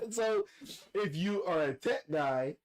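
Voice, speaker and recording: A man co-hosting a casual podcast chat, an animated storyteller who acts out quotes. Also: on the high side. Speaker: podcast co-host.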